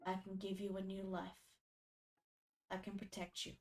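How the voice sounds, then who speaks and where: A woman voicing a mysterious disembodied spirit that offers protection in a soft, low, coaxing tone. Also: monotone, normal speed, far from the mic, natural voice. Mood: tempting. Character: mysterious disembodied patron spirit, soothing and tempting.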